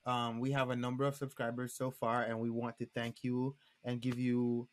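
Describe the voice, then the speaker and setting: A man's voice: medium pitch, monotone, normal speed. Rambling man in his thirties. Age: 30s. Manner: rambling, many ums and restarts. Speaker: podcast co-host. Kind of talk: casual chat.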